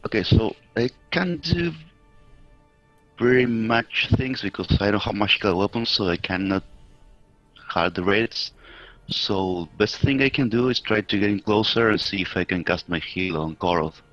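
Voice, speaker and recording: A man's voice: fairly low pitch, normal speed, fairly bright tone, no echo, highs cut off, soft background music. A man playing a tabletop game online, thinking aloud about his moves. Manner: thinking aloud, counting squares. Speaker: player. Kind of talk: casual game chat.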